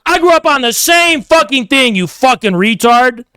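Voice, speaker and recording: A man's voice: extremely high pitch, lively intonation, moderate pace, bright, forceful tone, clean tone, no echo, studio quality. A man streaming a heated, profane, combative rant. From United States.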